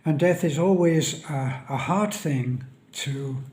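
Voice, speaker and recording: A man speaking a solemn, halting vlog monologue on a death in a friend's family. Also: on the high side, a little mellow. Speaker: vlogger. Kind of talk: reflective monologue.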